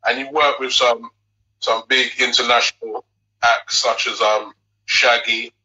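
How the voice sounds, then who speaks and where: A man hosting a music show, asking long questions in a halting way with many fillers. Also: medium pitch, steady tone, pushed and bright, muffled recording. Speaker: show host. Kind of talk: interview questions.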